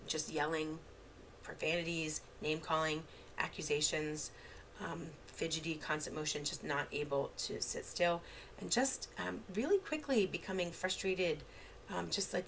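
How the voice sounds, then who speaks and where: Woman trainer with a low, gravelly voice; casual, unscripted talk full of "um"s; faint hiss behind. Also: normal speed, a bit bright. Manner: casual, many filler words and restarts; relates examples from her own parenting. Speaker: therapist giving an online training. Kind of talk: unscripted lecture.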